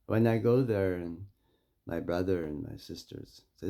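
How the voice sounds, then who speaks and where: A man from Saskatchewan, Canada, speaking directly to a mayor and making demands, with confrontational stories that swing between loud and quiet. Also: sits low, measured pace, gravelly. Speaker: First Nation community member addressing a mayor. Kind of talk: impassioned direct address and storytelling.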